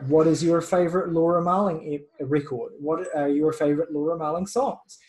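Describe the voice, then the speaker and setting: A man's voice: on the high side, steady tone, moderate pace, hardly any pauses, darkish tone, poor audio. A man hosting a casual music podcast, talking loosely with plenty of fillers. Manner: chatty, loose, lots of fillers. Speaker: podcast host.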